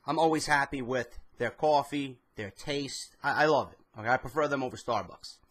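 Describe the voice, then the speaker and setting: Swearing New guy, bright tense voice. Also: medium pitch, moderate pace. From New York. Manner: heated, swears constantly, storytelling rant. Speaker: wrestling commentary vlogger. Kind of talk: profane ranting monologue.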